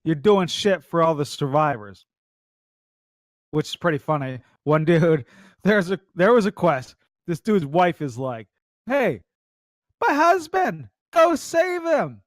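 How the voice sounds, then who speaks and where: A man's voice: fairly high pitch, no room sound, clean studio sound. A man co-hosting a casual gaming podcast, telling stories with a lot of swearing and mocking voices, sounding sick. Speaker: podcast co-host.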